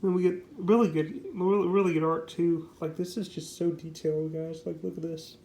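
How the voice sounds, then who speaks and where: A man reviews a comic book casually, rambling, leaning hard on fillers like "basically" and "like," and repeating his praise. His voice is on the high side, mellow and level at normal speed, with a little hiss or hum and a roomy echo.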